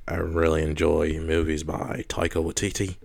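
A man voicing a laid-back male shopkeeper from New Zealand, talking slowly with halting fillers. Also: rumbling low, little pitch movement, vocal fry, a little mellow, no echo. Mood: rambling.

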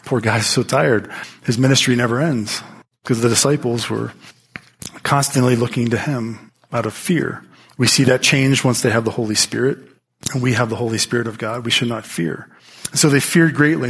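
A man preaching a sermon in a lively storytelling style, medium in pitch. He asks the listeners questions, circles back to restart his sentences and pushes the story forward with energy. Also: normal speed, slightly rough. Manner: animated storytelling with frequent restarts and rhetorical questions. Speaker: pastor.

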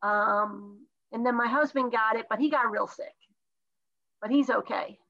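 A stuffy, tired woman chatting on a video call, her voice sitting a little high. She tells her story in a rambling way, restarting sentences as she goes. The sound is dull and lo-fi, like call audio. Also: measured pace, vocal fry, a bit bright. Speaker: podcast co-host. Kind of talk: casual chat over video call.

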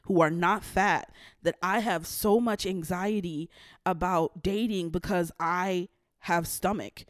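This young podcast host has a lowish voice with fairly even intonation and speaks slowly. Recorded in the studio with no echo, she shares a personal story frankly, with swearing, occasionally struggling not to cry.

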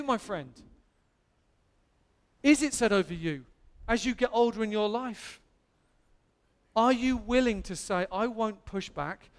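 Englishman, earnest emphatic preacher, high voice, long church reverb. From England. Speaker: pastor. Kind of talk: sermon. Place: church hall.

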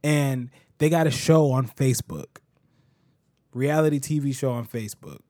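A man's voice: medium pitch, normal speed, no echo, clean studio sound. A man hosting a podcast, telling a story in casual chat and acting out the quotes. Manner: animated storytelling, acts out quotes. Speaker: podcast host.

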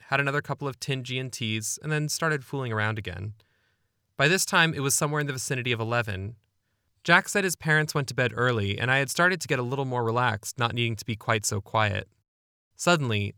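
A man's voice: mid-range voice, a little fast, sharp tone, smooth, no room sound, clean studio sound. A young man narrating his own memoir in a wry, self-deprecating, conversational way. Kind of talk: memoir storytelling.

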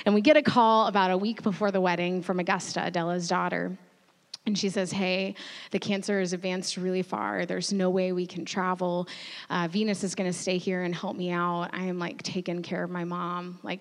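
A woman in her thirties preaching a sermon, telling a personal story earnestly and growing quietly emotional at times. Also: on the low side, level tone, normal speed. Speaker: pastor. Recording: long reverb of a large hall.

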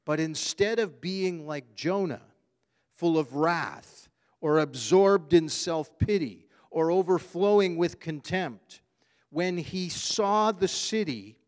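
A man's voice: a little high, slow pace. A man preaching a sermon, earnest and emphatic, repeating his key phrases for weight. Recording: long hall reverb.

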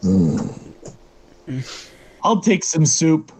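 A man's voice: fairly high pitch, huge pitch swings, drawn-out words, a little mellow, slightly rough, poor audio. A man playing a tabletop game, joking and stammering as he talks. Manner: jokey, stammering restarts. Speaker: player. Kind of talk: casual tabletop play.

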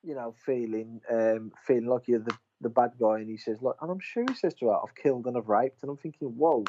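Guy rambling through a story, swears a lot, mellow tone, kinda muffled lo-fi mic. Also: mid-range voice, quick pace, slight background noise. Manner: rambling storyteller, swears freely, retells conversations. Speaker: podcast co-host. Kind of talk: casual chat.

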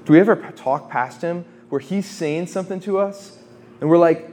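A man in his twenties giving an informal faith talk to students, conversational, with quick asides and quotes he acts out. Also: on the high side, darkish tone. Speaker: campus ministry speaker.

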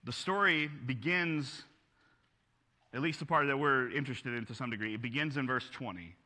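A man's voice: medium pitch, normal speed, pushed and bright, in a large hall. A male pastor preaching a sermon, reading scripture aloud with rising emphasis and dropping into casual asides.

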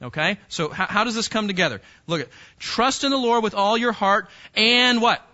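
A man's voice: high-pitched, lively intonation, a little fast, sharp tone, muffled recording. A man preaching a sermon to a congregation, talking to them directly and emphatically with many repeated words and restarts. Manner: emphatic teaching with repetitions and restarts.

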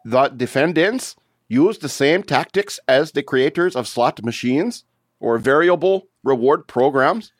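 A man reading a legal quote aloud in a put-on French Canadian accent, slow and raised. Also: fairly high pitch, no room sound, clean studio sound, voice pushed up.

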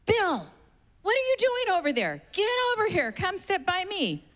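A woman voicing an elderly, confused grandmother who scolds and makes bossy demands in a high voice. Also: huge pitch swings, moderate pace, fairly bright tone, exaggerated voice. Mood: demanding.

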